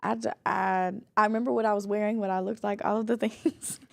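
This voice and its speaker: A woman's voice: medium pitch, level tone, fairly quick, creaky, a little mellow. A woman in her twenties hosting a podcast, chatting in a playful, light-hearted way in a studio. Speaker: podcast host. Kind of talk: casual podcast conversation.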